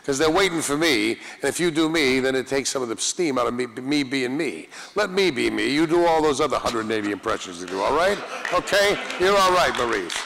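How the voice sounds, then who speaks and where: A man doing an impression of a brash, needy older male stand-up comedian with a fast, punchy delivery. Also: medium pitch, animated, creaky, background noise, pitched above the performer's own voice. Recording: long hall reverb.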